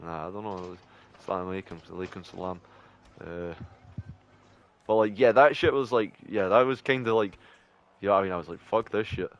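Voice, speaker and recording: A male streamer with a fairly low voice chats loosely over his game. He rambles, swears freely and fills every pause with "like". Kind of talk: casual chat while gaming.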